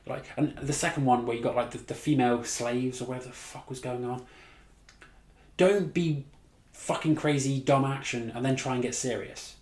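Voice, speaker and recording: Male reviewer, casual sweary rant, mid pitch, echoey room. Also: steady tone, normal speed, darkish tone. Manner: blunt, sweary, exasperated, laughs at his own mockery. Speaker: movie reviewer. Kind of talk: casual ranting movie review.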